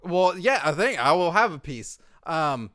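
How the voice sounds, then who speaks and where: A man co-hosting a comedy podcast, playful and quick to tease. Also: on the high side, very animated, sharp tone. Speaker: podcast co-host. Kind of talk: casual comedy podcast chat.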